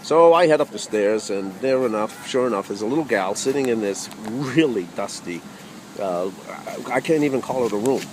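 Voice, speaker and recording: A man's voice: medium pitch, lively intonation, normal speed, background noise. A man telling a humorous personal story with wry asides to the audience.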